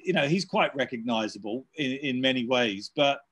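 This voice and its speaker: A man in his fifties chats casually in an interview. He rambles and restarts, pads his talk with fillers, and speaks at a middle pitch. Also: animated, normal speed, fairly bright tone, slightly rough. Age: 50s. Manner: rambling, many fillers and restarts, laughs while telling stories. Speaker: interviewee, electronic musician. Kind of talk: casual chat.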